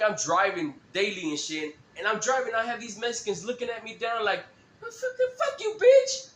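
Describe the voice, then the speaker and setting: A man's voice: high voice, fairly bright tone, echoey room. A man rambling through a profane, laugh-filled story on a live stream.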